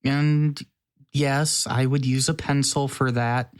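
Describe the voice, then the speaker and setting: A man co-hosting a podcast in casual chat, relaxed and teasing. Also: mid-range voice, takes it slowly, smooth. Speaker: podcast co-host.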